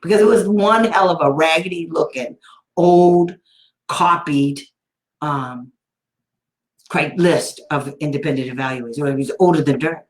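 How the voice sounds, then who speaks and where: A woman's voice: low voice, unhurried, roomy sound. A woman special education advocate telling a story in casual talk, blunt and sarcastic, often laughing.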